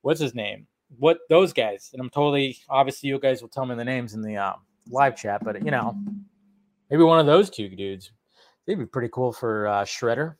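A man's voice: mid-range voice, normal speed. A man hosting a casual film news livestream, reading out viewers' chat questions and answering them in a loose, rambling way with free swearing. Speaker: film news channel host.

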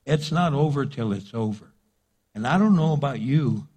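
An older man preaching a sermon, lively and conversational, acting out little exchanges between people. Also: mid-range voice, moderate pace, husky. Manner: animated preaching with acted-out dialogue. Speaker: pastor.

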